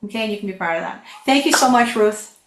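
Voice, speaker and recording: A woman's voice: mid-range voice, quick pace, roomy sound, a crowd in the background. A woman teaching a flute masterclass over a video call, chatty and enthusiastic. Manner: chatty, enthusiastic, animated storytelling.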